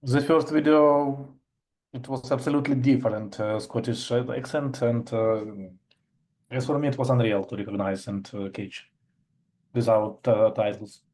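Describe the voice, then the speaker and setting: A man's voice: mid-range voice, steady tone, darkish tone. Hesitant male student. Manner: hesitant, many pauses and fillers. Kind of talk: answering in language class.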